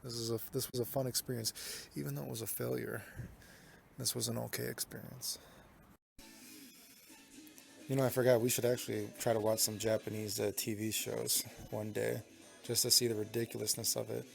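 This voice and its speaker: Young guy rambling and cussing into his phone on a night walk, gravelly fry in his voice. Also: mid-range voice, flat delivery, brisk, faint music behind. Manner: profane, rambling, lots of "dude". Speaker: vlogger. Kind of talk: casual vlog narration. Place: city streets at night, outdoors. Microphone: handheld phone.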